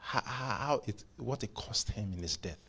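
A man preaching a church sermon, impassioned, with stammering repeats, dropping to hushed whispers and then rising to loud bursts. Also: fairly low pitch, expressive, normal speed, slightly rough. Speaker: pastor. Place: church service.

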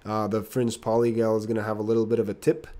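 A man teaching an online lesson on plants in a casual, halting way, with many fillers, restarts and laughs. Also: on the low side, monotone, warm tone. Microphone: computer mic.

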